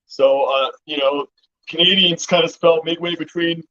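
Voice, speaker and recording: A man from the Boston area chats casually on a dull, lo-fi mic. His voice sits fairly high, and he talks bluntly, swears freely and trips over his own restarts. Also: fairly even intonation, normal speed, sharp tone. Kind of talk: casual chat. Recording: dull lo-fi sound.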